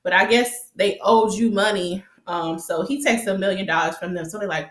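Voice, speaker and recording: Animated, profane woman recapping TV. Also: mid-range voice, moderate pace, hardly any pauses, roomy sound. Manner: animated, profane, laughs often. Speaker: TV recap vlogger. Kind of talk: casual episode recap.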